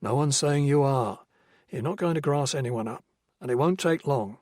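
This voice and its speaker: A man voicing a calm, persistent former police officer turned investigator in a crime audiobook. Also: mid-range voice, moderate pace, no echo, clean studio sound, lightly acted. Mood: firm. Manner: firm, level and persuasive.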